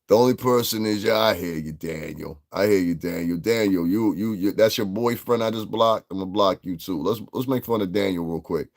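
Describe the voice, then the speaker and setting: A man's voice: sits low, brisk, gravelly, few pauses. Brash, profane New man ranting. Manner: brash, profane and combative, with laughs. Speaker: livestream host. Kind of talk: heated livestream rant.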